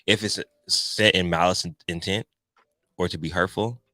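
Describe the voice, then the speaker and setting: A man's voice: low voice, steady tone, normal speed, bright, forceful tone, no echo. A man from Fort Wayne, Indiana, co-hosting a casual podcast, talking in a playful, teasing way. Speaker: podcast co-host. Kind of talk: casual chat. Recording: dry close mic with headphones.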